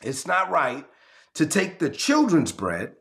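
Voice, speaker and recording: A man preaching quotes a calm, firm male teacher in a slow, measured voice. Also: fairly high pitch, gravelly, full character voice.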